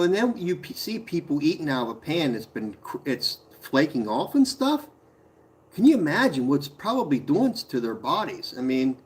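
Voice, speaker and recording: Male potter hosting a live stream, slightly higher voice, chatty, often breaks into laughter. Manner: chatty, laughs often, talks to viewers by name. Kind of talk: casual live-stream chat reading comments. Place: pottery studio.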